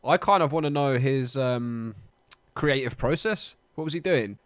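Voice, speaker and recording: A man's voice: medium pitch, measured pace, no echo, clean studio sound. A young man co-hosting a podcast, chatting casually, sweary and jokey. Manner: sweary, jokey, puts on mock voices. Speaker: podcast co-host. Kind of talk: casual banter.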